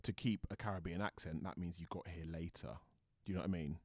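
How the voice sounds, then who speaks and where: Low-voiced and fast, this British man is an actor appearing as an interview guest. He talks in a thoughtful, casual way and keeps restarting his sentences, with no room sound on the recording.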